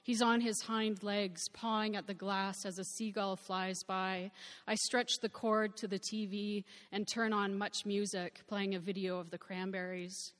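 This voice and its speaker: A woman reading a first-person novel aloud in a reflective, measured way. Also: mid-range voice, flat delivery, a bit bright, big-room sound. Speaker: narrator. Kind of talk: first-person audiobook narration.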